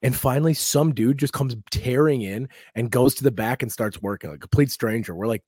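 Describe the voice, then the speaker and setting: A man co-hosting a casual comedy podcast speaks with a slightly husky, breathy, middling-pitched voice, fairly quick and with few pauses. He tells animated stories and acts out quotes in loud, raised-voice impressions of other people. The recording is dry and close-miked.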